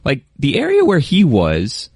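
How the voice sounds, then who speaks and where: A man's voice: fairly high pitch, wildly swooping pitch, unhurried, vocal fry, darkish tone, breathy edge, no room sound, clean studio sound. A man chatting casually on a radio show, rambling with lots of fillers and slang.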